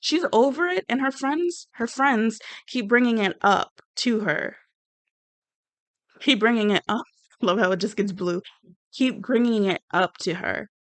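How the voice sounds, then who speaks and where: A woman's voice: fairly high pitch, unhurried, dry recording. Sassy, blunt young woman, dry sound. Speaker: reality show commentator. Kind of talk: casual reaction commentary.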